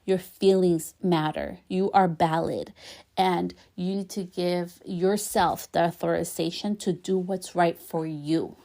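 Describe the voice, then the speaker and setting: A woman hosting her own podcast, talking earnestly and encouragingly straight to the listener, repeating gentle affirmations. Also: fairly low pitch, fairly even intonation, slow, creaky. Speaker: podcast host. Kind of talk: heartfelt solo podcast talk.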